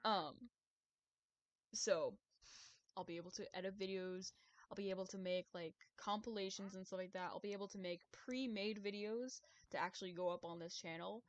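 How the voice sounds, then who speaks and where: A young adult woman chatting on a live stream, excitable and rambling, who swears often and stumbles over her words. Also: fairly low pitch, normal speed, highs cut off. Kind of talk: casual live-stream chat.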